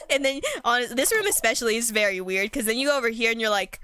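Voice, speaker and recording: A woman's voice: on the high side, fairly quick, few pauses, sharp tone, slight background noise. A woman streamer chatting casually while playing a game, rambling and giggly, with lots of fillers.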